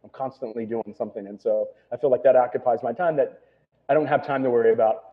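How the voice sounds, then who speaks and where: Middle-aged man, restaurateur guest, quick rambling casual talk full of fillers, phone-line sound. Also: medium pitch, steady tone. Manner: rambling, full of "you know" and "right?". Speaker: restaurant owner.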